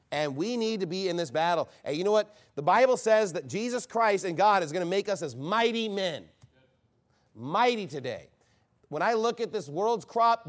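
A man preaching a fiery, combative sermon from the pulpit. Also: sits high. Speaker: pastor.

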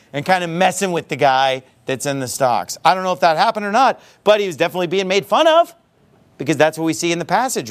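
A man preaching a sermon, emphatic and leaning on rhetorical questions. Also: sits high.

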